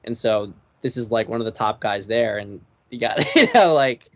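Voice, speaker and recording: A man hosts an interview, nodding along with quick "yeah"s and filling in background for listeners. His voice is mid-pitched and sounds dry and close, with no room echo. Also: expressive. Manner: affirming with quick "yeah"s, explains context for listeners. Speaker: interview host. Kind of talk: casual interview chat.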